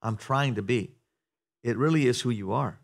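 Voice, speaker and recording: A man preaching a sermon to a congregation in a church, talking conversationally, asking the room questions and building to loud, animated passages. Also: medium pitch, normal speed, gravelly. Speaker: pastor. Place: church sanctuary before a congregation.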